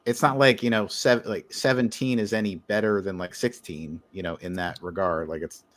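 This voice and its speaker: A man's voice: on the low side, fairly even intonation, moderate pace, dry recording. A man hosting a livestream, chatting casually and teasing his co-host in a rambling, sarcastic way. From Brooklyn, New York. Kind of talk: casual commentary chat.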